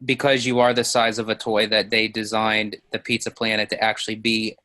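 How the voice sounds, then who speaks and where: A man co-hosting a podcast, chatting casually in a measured, slightly hesitant way. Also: lowish voice, completely flat delivery, sharp tone, dry recording. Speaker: podcast co-host. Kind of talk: casual chat.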